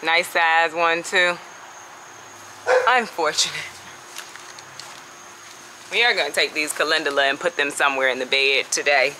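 A woman's voice: low-pitched, fairly even intonation, measured pace, pauses often, bright, forceful tone, slight background noise, poor audio. Chatty woman in her garden. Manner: chatty, laughs often, addresses viewers as y'all. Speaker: home gardener vlogger. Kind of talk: casual garden walkthrough vlog. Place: outdoors in a backyard garden.

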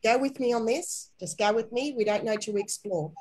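A woman guiding a spiritual healing session in a gentle, unhurried voice. She coaxes and reassures, slowing each step down and speaking with tender endearments. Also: on the high side, breathy edge, poor audio. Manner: soft, slow, coaxing guidance with gentle endearments. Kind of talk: guided inner-child healing session.

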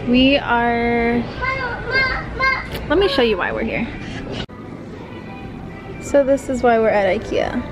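A young woman chats playfully to her handheld camera as she strolls through a furniture store. Her voice sits a little high. Loud music plays under her talk the whole time. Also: slow, long pauses. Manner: chatty and playful. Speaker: vlogger. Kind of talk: casual vlog chat.

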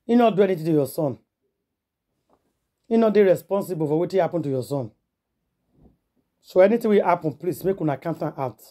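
A Nigerian woman with a husky, breathy voice, spinning celebrity gossip for her vlog. Her delivery is dramatic, with quick put-on voices for each person in the story and frequent asides to her audience. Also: fairly low pitch, lively intonation, warm tone. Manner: dramatic, acts out the quoted voices, calls on the audience directly.

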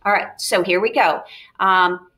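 A woman's voice: medium pitch, fairly even intonation, unhurried, background noise. A middle-aged woman teacher leading a reading lesson, reading a story aloud and modeling note-taking, with frequent checks like "okay?". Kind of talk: classroom lesson with read-aloud.

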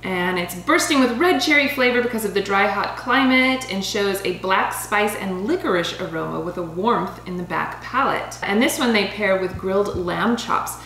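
A woman's voice: medium pitch, moderate pace, few pauses, fairly bright tone. Chatty woman reviewing wine, roomy sound. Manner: bubbly, laughs often, stumbles over foreign names. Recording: roomy home recording with faint hum.

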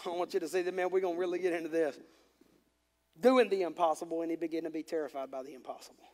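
A man's voice: fairly high pitch, steady tone, quick pace, darkish tone. A man preaching a sermon as pastor in a church, reading scripture and breaking in with emphatic commentary. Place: church sanctuary.

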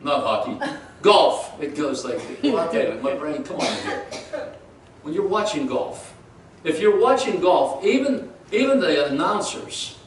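A man's voice: a little high, big pitch swings, unhurried, a little hiss or hum. A male pastor preaching a sermon, talking in a conversational way and questioning the congregation. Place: church sanctuary. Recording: echoey church room from far off.

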